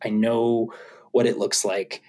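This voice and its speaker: A man who is a musician, chatting casually as an interview guest, animated and swearing, acting out his own thoughts. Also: fairly low pitch, slow. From USA.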